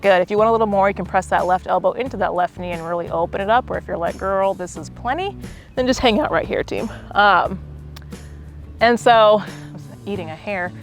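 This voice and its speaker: A young woman talks viewers through a stretching workout and breaks into an animated travel story between cues. Her voice sits at a mid pitch, chatty and conversational, and soft music plays faintly behind her. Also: brisk. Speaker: fitness instructor. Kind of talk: casual storytelling while leading a workout.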